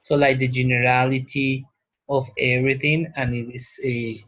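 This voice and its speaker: Speaking at a medium pitch in a level tone, a male teacher with Spanish as his first language addresses a class. He is unhurried and pauses, often checking "right?" as he goes. It's captured in a dull, lo-fi classroom recording.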